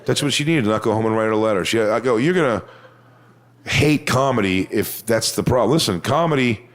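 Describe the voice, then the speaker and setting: A man performing a stand-up comedy set on stage, telling crude, swaggering stories and sometimes mocking people in high put-on voices. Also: lively intonation, a little fast. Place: comedy stage before a live audience.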